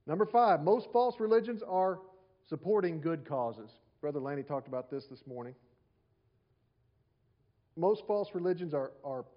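A man's voice: high-pitched, dull audio. Man preaching a conversational sermon. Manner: conversational preaching with rhetorical questions and repeated phrases. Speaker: pastor.

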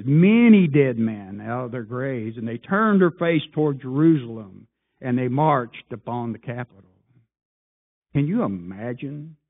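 A man preaching a sermon, firing off rhetorical questions and swinging between loud appeals and hushed asides. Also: medium pitch. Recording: tinny phone-like sound.

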